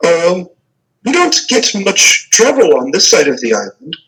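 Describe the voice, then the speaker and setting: A man's voice: on the high side, huge pitch swings, measured pace, a bit bright, slightly rough, far from the mic, heavily acted, poor audio. A man voicing a shy, polite village woman who stammers. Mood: surprised.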